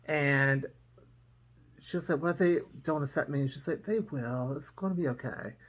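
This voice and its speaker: A casual TV reaction reviewer with a mid-range voice recaps an episode at a moderate pace. The recap rambles, thick with "um" and "and so," and he acts out the characters' lines in quotes.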